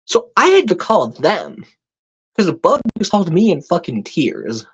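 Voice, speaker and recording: A woman hosting a live stream, telling a story in a profane, exasperated, animated way. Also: on the low side, a little slow, husky. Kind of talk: casual storytelling rant. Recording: dull lo-fi stream audio.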